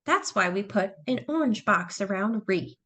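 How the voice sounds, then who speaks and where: A woman's voice: medium pitch, lively intonation, normal speed, pushed and bright. A woman teacher explaining phonics patiently, step by step. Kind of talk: phonics lesson narration.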